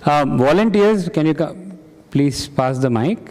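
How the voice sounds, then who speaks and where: In a large, echoing hall full of people, a man with a fairly high, expressive, slightly mellow voice speaks a little slowly as he leads a satsang. He quizzes the audience, encourages them, and praises their answers.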